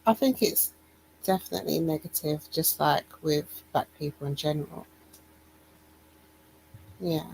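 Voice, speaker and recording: A woman joining a livestream panel as a guest, answering calmly and briefly. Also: sits low, a little slow, gravelly, pauses often, slight background noise, low-quality recording. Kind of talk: casual panel discussion.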